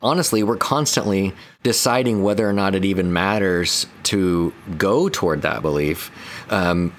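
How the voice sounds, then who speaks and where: Deep voiced counselor guy chatting on a podcast, kinda rambly. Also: moderate pace, slight background noise. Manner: rambling, laughs easily. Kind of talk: casual conversational podcast.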